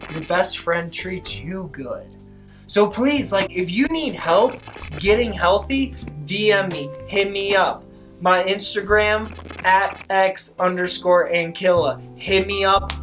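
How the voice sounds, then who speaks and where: A young adult woman vlogger giving a casual motivational monologue, swearing constantly and talking emphatically in rambling runs. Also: medium pitch.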